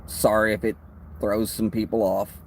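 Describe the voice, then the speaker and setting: A man with a Texas accent hosting a casual livestream, talking in a relaxed, rambling way with friendly asides. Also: on the low side, moderate pace, slight background noise. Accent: Texan. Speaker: host of a pipe-smoking livestream.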